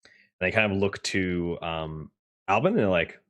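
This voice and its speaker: A man's voice: sits low, expressive, normal speed, fairly bright tone. A man narrating as game master in a loose, rambling way with many fillers.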